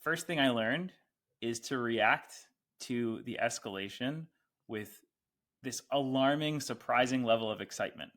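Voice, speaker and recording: A man on a podcast walking through tips for calming down angry customers, acting out calls with a playful, teasing manner. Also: mid-range voice, a little slow. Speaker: podcast guest. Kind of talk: casual podcast chat.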